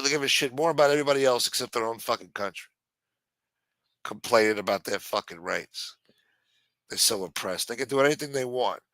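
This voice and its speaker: A man's voice: fairly low pitch, bright, forceful tone, no room sound. A middle-aged man hosting a live stream, ranting bluntly and swearing constantly. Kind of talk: profane ranting monologue.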